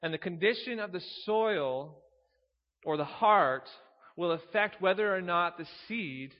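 A man's voice: high-pitched, unhurried, big-room sound, dull audio. A man preaching a sermon, teaching earnestly, reading scripture aloud and posing rhetorical questions.

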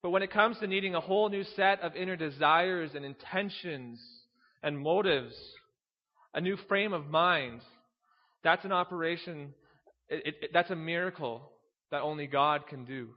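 A man's voice: fairly high pitch, moderate pace, big-room sound, muffled recording. A man preaching a sermon, teaching earnestly, reading scripture aloud and posing rhetorical questions.

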